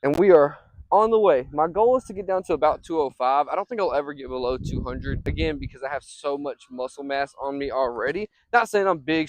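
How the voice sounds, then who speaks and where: A man's voice: fairly high pitch, a little fast, no echo, low-quality recording. A young man talking casually in a rambling vlog monologue outdoors, breaking off now and then to call his dog. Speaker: vlogger and software company owner. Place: outdoors in a field.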